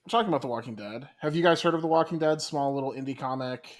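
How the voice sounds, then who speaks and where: Man, podcast co-host, dry joking, mid-pitched voice, remote call. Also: racing, a crowd in the background. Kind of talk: casual chat. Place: studio apartment. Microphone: recorded remotely over a call.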